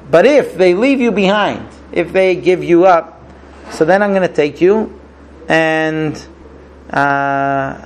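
A man voicing a stern, powerful male ruler in a retold story, speaking in a measured, imperious way. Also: fairly high pitch.

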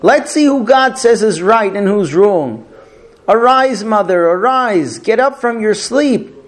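A man's voice: high-pitched, lively intonation, takes it slowly, pitched above the performer's own voice. A man voicing a young man who weeps and pleads urgently with his dead mother. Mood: tearful pleading. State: crying.

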